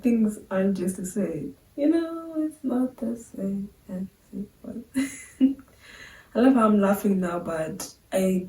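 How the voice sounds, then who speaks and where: A woman's voice: mid-range voice, mellow. A young woman, a vlogger, talking candidly and casually to the camera, with lots of filler words. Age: young adult. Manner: chatty, filler-heavy, candid. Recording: roomy sound, a bit far from the mic.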